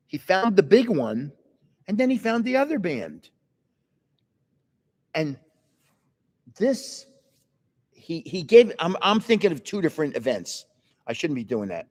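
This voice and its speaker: In a large-hall acoustic, an older man with a fairly high, slightly mellow voice hosts a casual livestream. He tells rambling, chatty stories indoors, in a building with another floor.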